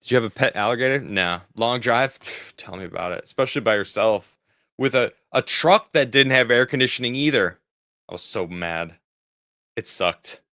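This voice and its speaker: A man's voice: mid-range voice, expressive, normal speed, pushed and bright, no echo, clean studio sound. Rambling forty-something man reading chat. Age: 40s. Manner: rambling, laughing, talks back to chat. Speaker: streamer reading viewer chat. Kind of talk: casual livestream chat.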